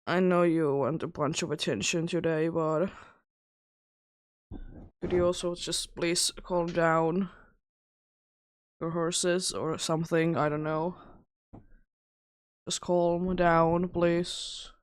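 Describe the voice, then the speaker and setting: A woman game streamer chatting casually and gently scolding her cat, her voice a little lower and rougher than usual. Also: little pitch movement, slow pace, pauses often, no room sound. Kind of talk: casual live-stream chat.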